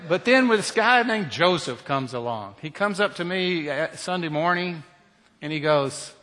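A man preaching a humorous, animated storytelling sermon to a congregation. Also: a little high, a little slow, long reverb tail. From Southern United States. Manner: humorous, animated, leads shouted cheers.

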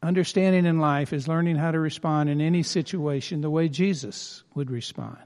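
A man's voice: on the high side, flat delivery, a little fast, darkish tone, smooth, long reverb tail. A man preaching a sermon as pastor, earnest and emphatic, repeating key phrases for weight.

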